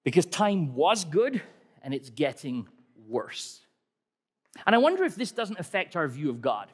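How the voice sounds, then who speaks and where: A man's voice: fairly high pitch, very animated, a little slow, slightly rough. A middle-aged man preaching a sermon in a conversational, wry way, asking many rhetorical questions. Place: church hall. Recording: long hall reverb.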